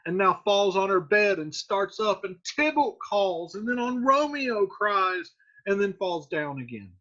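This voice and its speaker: A man's voice: sits high, lively intonation, measured pace, pushed and bright, voice pushed up, full character voice. A man voicing a fussy older female nurse who pleads and repeats herself. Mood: pleading. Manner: fussing, repetitive pleading. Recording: dull lo-fi recording.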